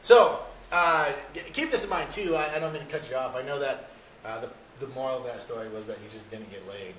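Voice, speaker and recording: A man hosting a podcast, chatting casually and teasing his guest with quick interjections. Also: mid-range voice, fairly bright tone, roomy sound. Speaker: podcast host. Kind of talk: casual chat.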